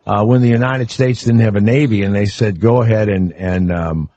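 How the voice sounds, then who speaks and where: A man's voice: fairly low pitch, steady tone, moderate pace, warm tone, no room sound, muffled recording. A man hosting a talk radio show, chatting loosely and joking with guests and callers, rambling with fillers. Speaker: radio host. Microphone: studio microphone.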